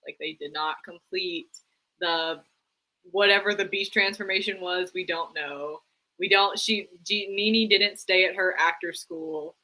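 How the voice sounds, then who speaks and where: Young woman chatting about theater, bright voice, kinda low, says like a lot. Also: a little slow, poor audio. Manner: chatty, lots of "like", laughs easily. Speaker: co-host. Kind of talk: casual chat about theater news.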